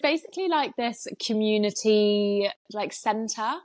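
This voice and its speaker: A woman, co-hosting a podcast and telling everyday stories in a chatty, animated way over a video call. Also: medium pitch, unhurried. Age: 20s. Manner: chatty, animated storytelling with laughs. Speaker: podcast co-host.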